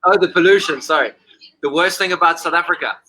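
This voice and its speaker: Male podcast host, piercingly bright voice, brisk quiz-style questioning. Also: on the high side, rough recording. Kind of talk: casual interview.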